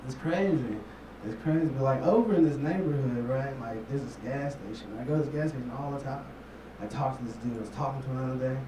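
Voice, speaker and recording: A stand-up comedian in his 30s from Memphis, Tennessee, tells loose, profane stories in a fast, medium-pitched voice, with frequent laughs and asides. The roomy club sound is captured from far off, with noise.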